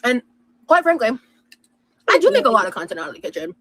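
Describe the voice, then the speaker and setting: Woman vlogger, upbeat chatty, slightly high voice, reads viewer messages. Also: big pitch swings, fast talker, a bit bright, husky, no echo, low-quality recording. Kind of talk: casual vlog chat.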